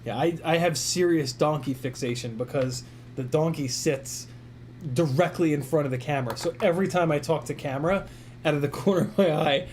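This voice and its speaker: A man chatting casually on a livestream. He rambles, swears freely and laughs at himself. His voice sits a little high for a man. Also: a little mellow, a little hiss or hum. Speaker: streamer.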